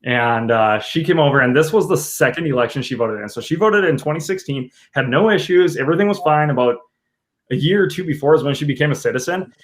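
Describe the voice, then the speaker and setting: A man telling a personal story on a casual podcast, joking and animated, acting out what people said. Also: fairly high pitch, quick pace. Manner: animated, joking storyteller who acts out quotes.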